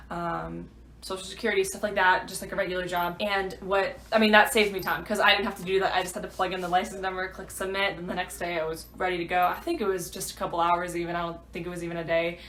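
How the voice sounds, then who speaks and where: A woman's voice: lowish voice, a bit bright, a little hiss or hum. A woman, a new realtor, chatting through a rambling vlog update full of fillers. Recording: echoey room.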